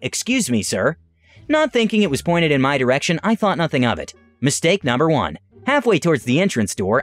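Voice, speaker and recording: A man doing scripted narration of reader stories in an animated way, with dramatic asides. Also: a little high. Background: faint background music.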